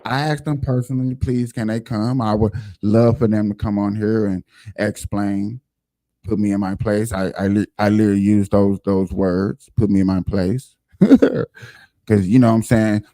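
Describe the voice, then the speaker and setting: A man's voice: on the low side, fairly even intonation, moderate pace, mellow, no room sound, studio quality. A man hosting a casual livestream show, talking emphatically and directly to his viewers.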